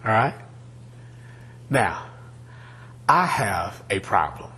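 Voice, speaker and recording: Animated preaching man, slow and lively. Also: lowish voice. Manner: animated preaching, asks the congregation questions. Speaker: pastor. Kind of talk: sermon. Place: church sanctuary.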